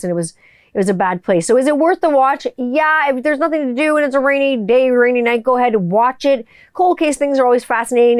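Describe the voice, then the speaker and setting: A woman's voice: medium pitch, darkish tone, clean tone, dry recording, studio quality. A woman hosting a casual solo podcast, rambling playfully with plenty of "like"s. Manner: chatty, rambling, playful, frequent fillers and laughs. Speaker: podcast host.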